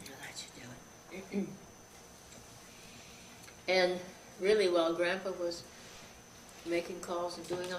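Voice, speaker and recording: A woman's voice: fairly low pitch, measured pace, pauses often, recorded from a distance. Older woman telling a story on a noisy, roomy tape. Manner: animated storyteller acting out quoted voices. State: frog in her throat, coughing. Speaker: interview guest. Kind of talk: storytelling, recalling childhood.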